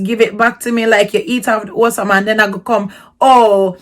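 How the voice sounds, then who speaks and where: Animated woman telling a story. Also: fairly high pitch, a little fast. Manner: animated, slangy, swings from hushed asides to loud exclaims. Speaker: vlogger. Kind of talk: casual storytelling.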